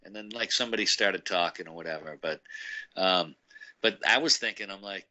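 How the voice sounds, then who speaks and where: Bright-voiced man telling a rambling story. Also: low voice, brisk, poor audio. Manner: rambling, laughs often, acts out quoted people. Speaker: guest recounting a meeting. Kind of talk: casual storytelling chat.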